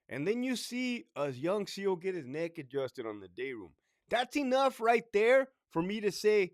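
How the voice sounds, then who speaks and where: Blunt, profane former prison officer. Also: male voice, a little high, very animated, moderate pace, no room sound, clean studio sound. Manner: blunt, profane, conversational, with frequent "right?" asides. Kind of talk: casual talk to camera.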